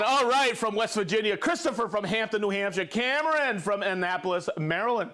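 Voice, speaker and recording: High-voiced joking male livestream host. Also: lively intonation, sharp tone. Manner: jokey, stumbles over place names, quick asides. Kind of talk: reading viewer shout-outs on a live show.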